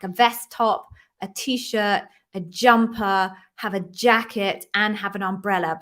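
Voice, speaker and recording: A middle-aged woman from London, England hosts a live stream with a medium-pitched voice. She chats warmly with viewers, greeting each by name, before explaining her work as an interview coach.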